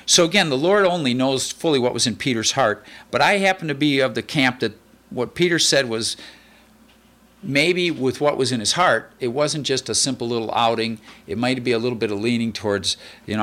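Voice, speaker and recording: A man teaching a sermon on a Bible passage in a conversational, folksy way, with asides and restarts, acting out quoted lines more slowly. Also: on the high side, animated, a bit bright.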